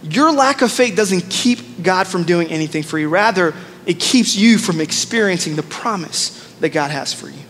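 High-voiced man, pastor, storytelling sermon, asides to congregation, reverberant hall. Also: expressive, normal speed, few pauses, fairly bright tone.

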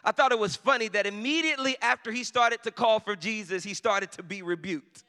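A man preaching in a church, with a high, bright voice. He tells his story conversationally and pushes into shouted emphasis. His voice rings with the long reverb of a big hall. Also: brisk, few pauses. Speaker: pastor. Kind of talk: sermon with personal story.

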